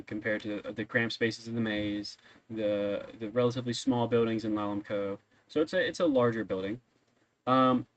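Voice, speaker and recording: A man running a tabletop game, describing scenes in a loose, rambling way full of ums. His voice is mid-pitched and ordinary. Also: dry recording, poor audio. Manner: casual, rambling, many ums. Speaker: game master.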